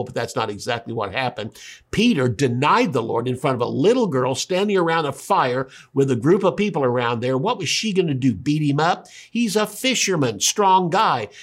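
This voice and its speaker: A man's voice: medium pitch, animated, moderate pace. A man teaching a sermon, retelling scripture in a conversational way with emphatic asides. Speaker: Bible teacher.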